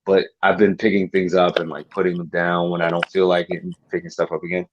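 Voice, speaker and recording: A man's voice: sits low, flat delivery, quick pace, muffled recording, a little hiss or hum. A man hosting a casual chat, laid-back and easygoing. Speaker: host.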